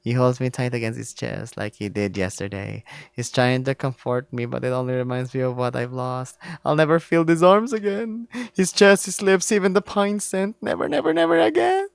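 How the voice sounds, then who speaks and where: A man's voice: mid-range voice, moderate pace, vocal fry, no echo, lightly acted. A man reading a despairing young deer. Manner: dramatic, despairing inner monologue. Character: naive young male deer, anxious and self-pitying. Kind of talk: visual novel read-aloud.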